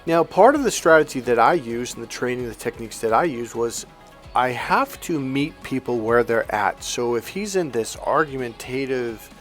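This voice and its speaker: A man speaking as a life coach, telling a client story in a lively way and acting out both voices in the exchange. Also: medium pitch, normal speed, soft background music. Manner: animated storyteller, acts out both sides of dialogue. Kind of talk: coaching monologue with anecdote.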